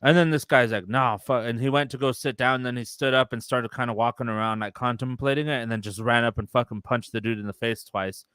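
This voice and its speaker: Young male podcast co-host, smooth clean voice, dry close sound, casual profane storyteller. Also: mid-range voice, steady tone, quick pace, few pauses, a bit bright, dry recording. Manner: retells a story with quoted voices, loose and profane.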